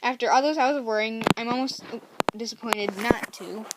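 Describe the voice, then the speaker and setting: A woman's voice: on the high side, normal speed, heavy background noise. A woman reading a novel aloud in a casual, first-person way, often correcting herself and making chatty asides. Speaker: story reader.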